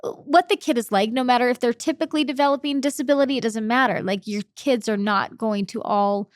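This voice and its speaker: A young woman with a slightly high, bright voice tells a personal story as a podcast guest. She talks in an emotional, halting way and repeats her words. The sound is dry and close, with no room echo.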